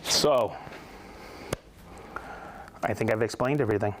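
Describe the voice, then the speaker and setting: Against a noisy background, a man with a fairly low voice speaks a little slowly as host of a company's live product stream. He stays chatty and upbeat, demoing tools and giving shout-outs to viewers' hometowns.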